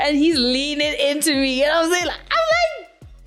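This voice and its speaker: A woman's voice: high-pitched, very animated, normal speed, fairly bright tone, soft background music. A young woman from Zimbabwe, a singer-songwriter, answering interview questions in a chatty, giggly way with lots of fillers.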